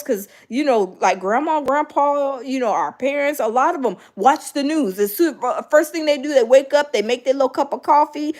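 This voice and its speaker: Animated high-voiced middle-aged woman host. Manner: animated, acts out voices of others, many fillers. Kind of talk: casual chat to live viewers.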